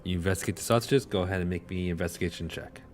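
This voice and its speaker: A man narrating as game master for a tabletop game, in a relaxed manner full of fillers. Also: sits low, rapid-fire, faint music behind.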